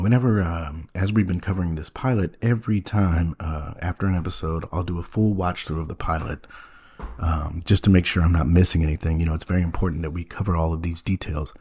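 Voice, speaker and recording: A man hosting a comedy podcast, telling a story in a halting, earnest and naive way, full of ums and you-knows. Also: sits low, darkish tone, husky. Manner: earnest, wide-eyed naive. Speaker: podcast host playing a naive character.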